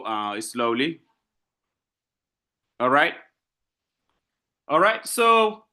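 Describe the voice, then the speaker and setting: Slow, lively-pitched male lecturer. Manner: slow, repetitive teaching with frequent "okay?" checks. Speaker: literature lecturer. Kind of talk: university lecture.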